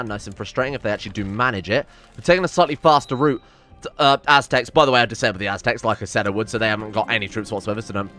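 A man's voice: mid-range voice, a bit bright. A man commenting on his strategy game play, rambling and exasperated, swearing often. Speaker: gaming YouTuber.

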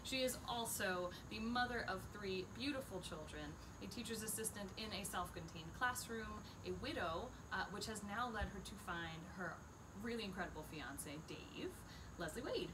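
A woman's voice: medium pitch, expressive, moderate pace. A woman hosting a podcast in casual chat, playful and teasing, swearing freely. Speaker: podcast host. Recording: distant mic with clear background noise.

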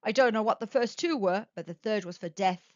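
A woman voicing a solemn old male soldier who speaks gruffly and gravely. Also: medium pitch, normal speed, no echo, natural voice. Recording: dull dry recording.

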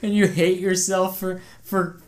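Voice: mid-range voice, level tone, unhurried. A co-host of a let's play, chatting casually and playfully, building on jokes and tossing in short agreements. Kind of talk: casual chat over gameplay.

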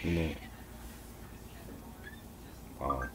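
A man's voice: quick pace, crowd noise. A man co-hosting an album review in casual chat, incredulous and joking. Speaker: podcast co-host reviewing an album.

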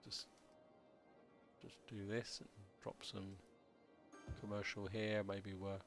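A man with a low, gravelly, slightly croaky voice talks casually through a city-building game, stumbling and restarting his words as he goes. Faint game music plays softly behind him. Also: level tone. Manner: halting, stammers and restarts while building. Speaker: let's play host. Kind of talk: casual gameplay commentary.

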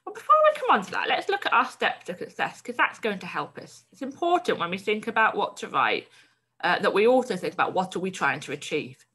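A woman's voice: medium pitch, very animated, brisk, bright, forceful tone, slightly rough. A woman primary school teacher giving a recorded online lesson, reading a story aloud and encouragingly explaining its word choices.

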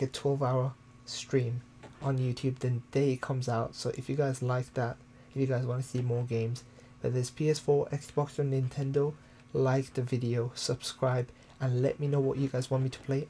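A young man from the UK chatting casually and quietly with viewers during a game live stream, recorded on a desktop microphone at home. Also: medium pitch, flat delivery, normal speed, slight background noise. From United Kingdom. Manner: talks quietly to keep from waking neighbors at night. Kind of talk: casual live-stream chat while playing. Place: room at home, early morning. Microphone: desktop USB microphone.

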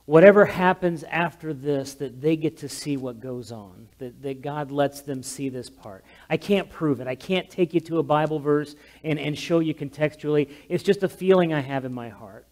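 A talkative male pastor delivers a heartfelt memorial sermon from the pulpit of a church. His voice sits fairly high, and he speaks through an amplified microphone. He is wordy and loud by his own account, often stumbling and restarting his sentences. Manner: talkative, self-described loud, frequent restarts. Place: church sanctuary. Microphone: amplified handheld or stand mic with monitor.

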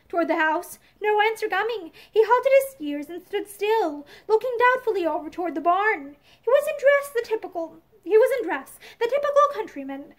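Very high-voiced woman reading a storybook. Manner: unhurried, with small restarts. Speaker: reader.

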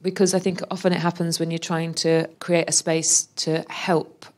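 A woman's voice: low-pitched, little pitch movement, moderate pace. A woman hosting a live panel, asking questions and encouraging her guests. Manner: encouraging, backchannels a lot. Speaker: podcast host. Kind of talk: live podcast panel talk.

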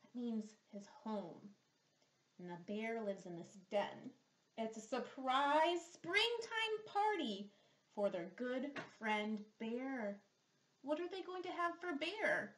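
Woman therapist for a kids' read-aloud, slow and deliberate, exaggerates each sound for little listeners, roomy echo. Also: fairly high pitch, lively intonation. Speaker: children's therapist. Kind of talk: reading a picture book aloud to young children.

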